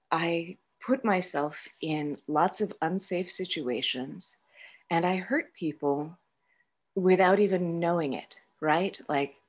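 Low-voiced woman telling her story candidly. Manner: laughs often mid-sentence, rambling and self-mocking. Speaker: guest sharing a recovery story.

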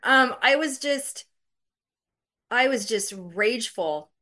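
Woman, bright voice, casual storytelling, candid, swears, self-mocking, chatty. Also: on the high side, lively intonation, slow. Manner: chatty with many fillers.

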